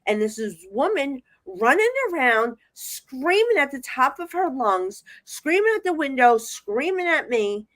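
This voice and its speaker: A fairly high-voiced woman with a New Jersey accent chats as a guest on a radio show. She tells her stories in a lively way and acts out the voices she quotes. The sound is dry and close. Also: a little slow, few pauses, dry recording. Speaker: psychic medium guest. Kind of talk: casual chat.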